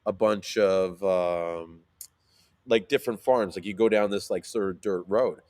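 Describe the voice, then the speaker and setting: Man chatting casually, lively and animated, heavy on filler words. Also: deep voice, a little slow. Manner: animated, swears freely, many fillers. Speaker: sea moss seller. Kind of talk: casual storytelling chat.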